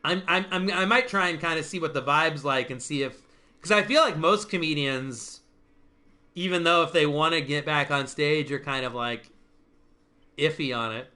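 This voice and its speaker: A man's voice: on the high side, moderate pace, bright, forceful tone. A man hosting a casual online chat, rambling with restarts and frequent laughter. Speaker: stream host.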